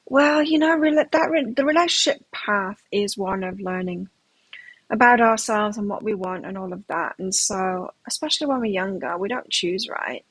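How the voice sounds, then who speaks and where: A middle-aged woman chats her way through a live tarot reading. Her voice is a little husky, recorded dry and close. She rambles and circles back, restarting her sentences as she goes. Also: medium pitch, moderate pace, fairly bright tone, no echo, low-quality recording. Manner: chatty, rambling, with frequent restarts. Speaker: tarot reader.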